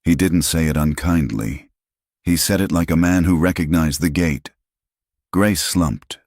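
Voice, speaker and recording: Deep voiced guy reading a western story, measured, dry close sound. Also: a little mellow, no echo. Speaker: narrator. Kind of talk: scripted audiobook narration.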